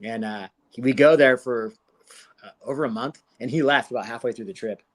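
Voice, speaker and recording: A man's voice: mid-range voice, a little fast. A man in his forties from Southern California, a guest fighter telling stories in a casual interview, laid-back and slangy, laughing often as he acts out what people said. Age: 40s.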